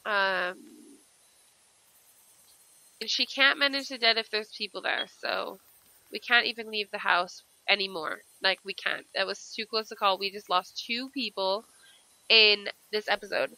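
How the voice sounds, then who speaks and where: A woman's voice: mid-range voice, measured pace, bright, forceful tone, no echo. A woman giving casual, emotional commentary while playing a life-simulation game, with frequent dramatic exclamations. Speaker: let's play gamer.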